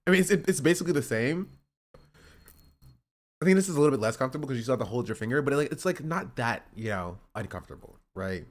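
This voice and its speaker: A man's voice: medium pitch, animated, fast. A man streaming live, casually reacting to clips and chatting with his viewers, often repeating himself. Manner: chatty, repeats himself, reads chat aloud.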